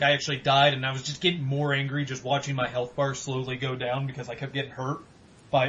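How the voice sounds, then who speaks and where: A man co-hosting a casual gaming podcast, talking animatedly, swearing and mock-yelling at games. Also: medium pitch, muffled recording, a little hiss or hum. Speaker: podcast co-host.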